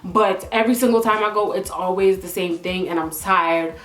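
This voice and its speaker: A young woman from Toronto, a vlogger, telling a story casually to the camera in an animated, emphatic way with frequent asides. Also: on the low side, moderate pace. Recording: echoey room, faint music.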